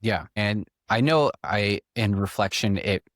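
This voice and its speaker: A deep-voiced man speaks as a podcast guest. He talks in a measured, reflective way and often restarts his phrases. The sound is dry and close. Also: a bit bright, no echo. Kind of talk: casual conversation.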